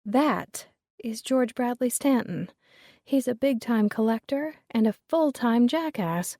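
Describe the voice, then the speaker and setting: Woman reading as sly middle-aged mom, dry and sarcastic, bit higher voice. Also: expressive, slow pace, dry recording, exaggerated voice. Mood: knowing. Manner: hushed, conspiratorial, dryly sarcastic. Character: shrewd wry middle-aged Southern mother. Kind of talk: audiobook character reading.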